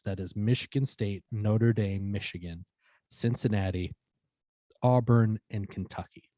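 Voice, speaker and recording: Male podcast co-host, lowish voice, easygoing, dry close sound. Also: mellow, no room sound. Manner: easygoing, reads out lists steadily. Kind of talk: casual chat.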